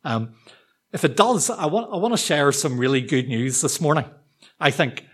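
A man delivers a sermon to a church congregation in a relaxed, conversational, self-deprecating manner, often saying um and restarting. His voice is on the high side and husky, at a moderate pace.

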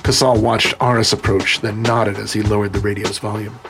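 A man narrating an audiobook in a steady, measured way. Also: fairly low pitch, creaky. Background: music.

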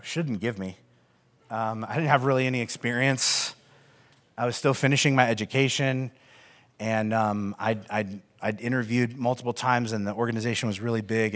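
A man's voice: medium pitch, a bit bright. A man in his thirties giving a conversational sermon as pastor, with self-deprecating humor and many fillers.

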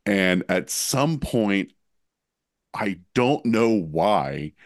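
Giggling and groping for words, a man co-hosting a podcast recounts a prank in relaxed chat. His fairly low voice swings widely in pitch and draws out words, in a dry, studio-quality recording.

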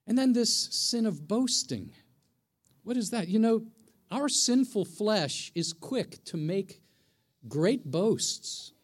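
A man's voice: sits high, big pitch swings, slow pace. A middle-aged man, a pastor, preaching a sermon in a conversational way, often asking the congregation questions.

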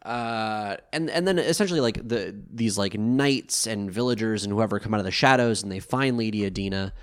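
A young man with a slightly low voice talks through an episode recap in a loose, rambling way. He stops and restarts often, leaning on fillers as he looks for words. The chat is casual and unscripted. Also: moderate pace, clean tone. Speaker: podcast co-host.

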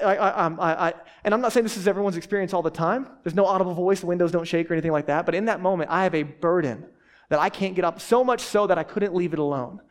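Brief: male pastor in his thirties from Texas, fast, animated preacher with a slightly raised pitch. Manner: fast talking, animated storytelling. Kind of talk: sermon.

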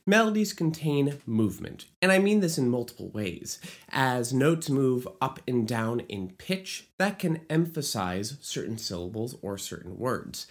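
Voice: medium pitch, big pitch swings, unhurried. A musical theater writer explaining lyric writing in an educational video, with playful asides and short sung examples. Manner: playful asides, jokes about own bad accent.

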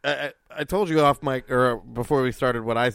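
A sarcastic, wisecracking man co-hosts a podcast in loose casual chat and swears freely. His voice is smooth and resonant, and it sounds close and dry, with no room around it. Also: medium pitch, a little fast, a bit bright, dry recording. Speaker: podcast co-host.

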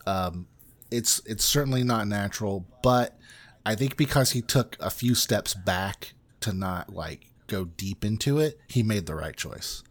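A man's voice: fairly low pitch, measured pace. A man from the States, chatting casually and animatedly about a film and swearing freely. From southern United States. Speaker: podcast co-host.

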